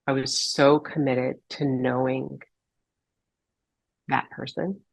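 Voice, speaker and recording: A woman's voice: rumbling low, fairly even intonation, takes it slowly, gravelly, dry recording, low-quality recording. A woman guest on a podcast, telling a heartfelt personal story in an earnest, reflective way and sometimes searching for her words. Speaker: podcast guest, holistic healer.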